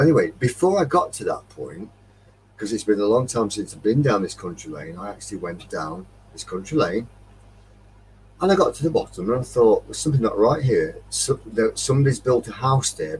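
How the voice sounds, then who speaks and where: A low-voiced man from Derbyshire with a Midlands accent tells a rambling, chuckling story, a few beers in. His pitch leaps around as he acts out each voice. He sits back from the mic, with a faint hum underneath. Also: far from the mic, low-quality recording. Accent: English Midlands. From Derbyshire, England. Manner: rambling, chuckling anecdotes, acting out dialogue. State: tipsy after a few beers. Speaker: metal detecting chat host. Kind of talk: casual storytelling chat.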